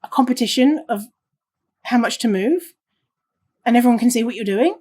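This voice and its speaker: A woman's voice: on the high side, normal speed, darkish tone, husky. A woman hosting a solo podcast, talking casually and reading listener stories aloud. She swears freely and laughs often. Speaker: podcast host.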